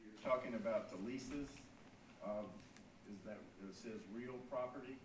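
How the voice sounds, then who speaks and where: A man's voice: medium pitch, unhurried, noisy background. A man on a commission questioning a witness in a probing, plain-spoken way. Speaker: commission member. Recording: echoey hall mic from far off.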